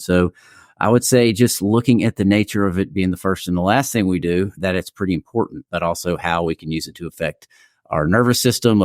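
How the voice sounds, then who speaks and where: A man being interviewed as a breathwork coach, explaining in a calm and measured way. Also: low-pitched, dry recording, clean studio sound. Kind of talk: interview answers.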